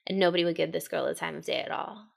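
Talking very fast in a gravelly, low-leaning voice, a young woman in her twenties shares her story as a podcast co-host. She's slangy and animated, performing the voices of whoever she quotes.

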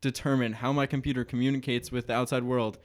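Casting: teen male co-host, mid-pitched, wry, explains things in detail. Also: level tone, fast. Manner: joking, then explaining tech at length. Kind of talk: casual chat.

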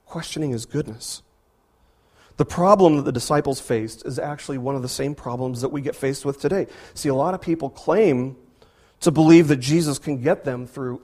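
Animated man preaching a sermon. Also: a little high, slightly rough. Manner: animated, rhetorical questions, repeats words. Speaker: pastor.

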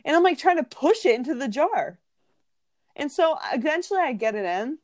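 A woman co-hosting a podcast who tells family stories in a casual, animated way, full of "like", and often acts out the other people's voices. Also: high-pitched, moderate pace, no echo. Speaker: podcast co-host. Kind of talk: casual storytelling chat.

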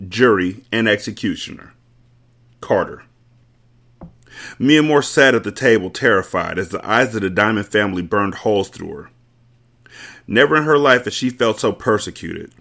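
A low-pitched man reads a novel aloud for a book club podcast, in an audiobook style. He breaks off now and then for wry, joking asides. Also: a bit bright. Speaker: host, book reader. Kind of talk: audiobook-style reading with commentary.

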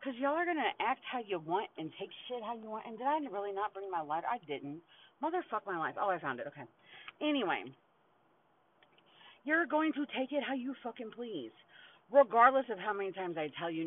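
A woman's voice: a little high, very animated, brisk. A woman in her forties talks straight into a tinny, phone-like recording, venting in a loose, casual monologue. She swears constantly and bluntly, breaking into short laughs between her lines. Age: 40s. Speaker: podcast host.

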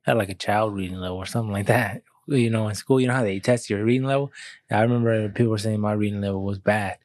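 A young American man in casual podcast chat, asking pointed questions and reading aloud haltingly. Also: on the low side, a little mellow, no room sound. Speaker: podcast co-host.

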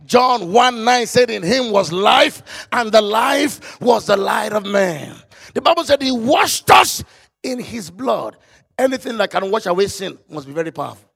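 A man preaching a fervent sermon, quoting scripture in old-style phrasing and breaking into shouts. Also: sits high, lively intonation, unhurried, vocal fry, slightly rough.

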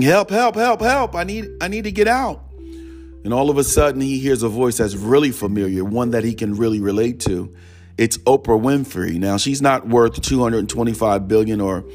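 A man's voice: mid-range voice, a little mellow. Man telling a sermon story over music. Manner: conversational, repeats "he said" as he tells a story. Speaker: preacher.

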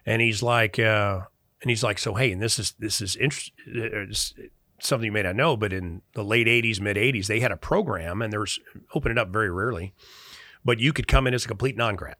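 A man's voice: lowish voice, a little fast, no room sound. A middle-aged man from Chicago telling a long story in casual conversation, acting out the voices of people he quotes. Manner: animated, acts out quoted dialogue. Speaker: guest.

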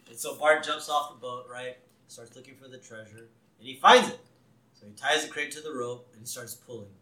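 Animated man in an echoey room. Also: medium pitch, a little fast. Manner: animated, laughing retelling. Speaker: podcast co-host. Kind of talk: casual episode recap. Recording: roomy echo.

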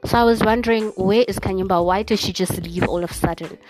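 A woman's voice: medium pitch, fast, darkish tone. A woman hosting a casual podcast, chatting and gushing to her listeners, from South Africa. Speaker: podcast host. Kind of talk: casual chat.

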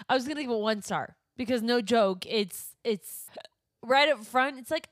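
A woman's voice: a little high, lively intonation, normal speed, no room sound, clean studio sound. A woman hosting a podcast, chatting casually and moving the talk along. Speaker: podcast host. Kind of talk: casual chat.

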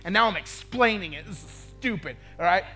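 A male pastor delivers a sermon, spinning a personal story and acting out the voices of the people in it. He keeps checking in with the room through quick "right?" asides. His voice sits high, with soft music faintly underneath. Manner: storytelling with lively acted quotes, frequent "right?" asides.

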